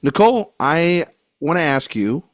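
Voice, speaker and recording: A man's voice: fairly high pitch, big pitch swings, measured pace, dry recording, clean studio sound. A man hosting a podcast in casual, joking chat, rambling and laughing often. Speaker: podcast host.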